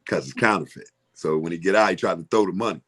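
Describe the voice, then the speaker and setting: A man's voice: sits low, fast. A middle-aged man, a comedian telling stories in a casual interview, acting out voices and laughing often. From Philadelphia, USA. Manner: animated storyteller, acts out voices, laughs often. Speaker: comedian guest.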